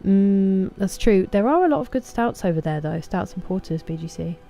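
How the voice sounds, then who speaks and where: A woman's voice: medium pitch, expressive, normal speed, vocal fry, mellow, soft background music. A young woman from England with an English accent, streaming a game and chatting casually with her live chat, greeting viewers by name. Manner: chatty, reads viewer names and greets them.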